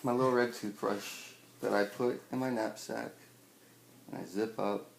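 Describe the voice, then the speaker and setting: A young man in his twenties, swearing a lot and telling a personal story with wry humor, acting out scenes loudly at times. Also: on the low side, steady tone, a little slow, vocal fry. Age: 20s. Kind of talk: personal storytelling, stand-up style. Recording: echoey room with faint noise.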